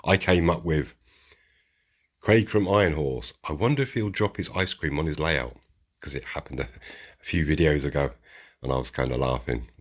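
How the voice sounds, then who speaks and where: Rumbling low and slightly rough, the voice belongs to a British model railway channel host. He rambles casually while unboxing and displaying model trains, restarting sentences as he goes.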